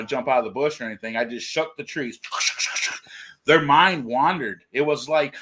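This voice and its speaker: A man's voice: medium pitch, normal speed, a bit bright. Casual male co-host, rambling, filler-heavy talk. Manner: rambling, filler-heavy, says "like" and "dude" often. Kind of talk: casual livestream chat.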